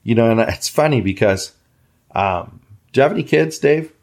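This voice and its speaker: A middle-aged man hosting a podcast, chatting casually in an easygoing, measured way. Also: mid-range voice, animated, darkish tone. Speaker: podcast host.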